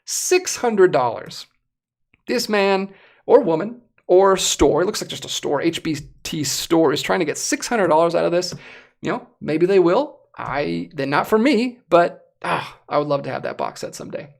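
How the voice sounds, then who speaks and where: A young adult host on a casual livestream, talking in an animated, excitable way. The voice has a gravelly rasp and is starting to wear hoarse. The pitch sits in a middle range. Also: moderate pace. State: voice going hoarse. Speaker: livestream host reviewing disc collectibles.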